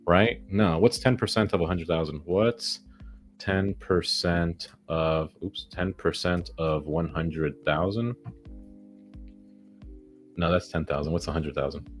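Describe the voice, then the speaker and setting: Deep-voiced man narrating his stock trades. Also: slow, soft background music. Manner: excitable, swearing, talks to the chart. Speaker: day-trading vlogger. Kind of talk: casual live trading commentary.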